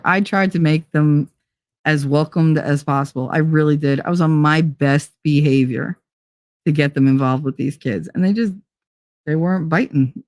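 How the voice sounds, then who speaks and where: A woman hosting a casual chat show, telling a story in a blunt, animated way and swearing freely. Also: deep voice, no room sound. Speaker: host.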